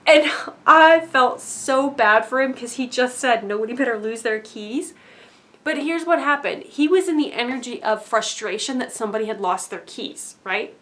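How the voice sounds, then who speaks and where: A woman with a slightly high voice talks straight to her viewers in a casual story-time monologue. She rambles, leans on fillers, and keeps checking in with quick tag questions. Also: fairly bright tone. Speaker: vlogger.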